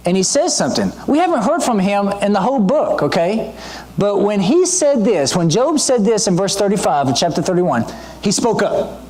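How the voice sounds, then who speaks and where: A man preaching a sermon in a conversational, animated way, often checking in with his listeners. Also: high-pitched. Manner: conversational, asks the audience questions; animated teaching delivery with frequent asides.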